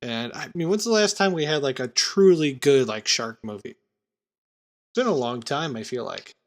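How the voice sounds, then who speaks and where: A man's voice: mid-range voice, expressive, normal speed. A man co-hosting a casual movie podcast, chatting and previewing upcoming films. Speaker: podcast co-host.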